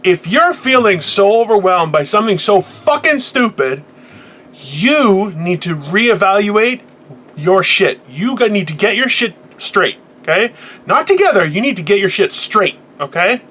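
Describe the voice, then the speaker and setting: Man, 40s, podcast host, comedic rant, sharp bright tone, boisterous, swearing. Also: high voice, very animated, unhurried. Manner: profane, boisterous and laughing.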